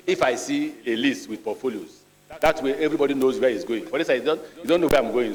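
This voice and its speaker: A middle-aged man from Nigeria with a Nigerian accent, a nominee answering questions at a formal hearing in a deliberate, measured way and mixing in stories. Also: medium pitch. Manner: deliberate, measured, with storytelling asides. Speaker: ministerial nominee before a senate. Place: large legislative chamber. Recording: long reverb of a large chamber.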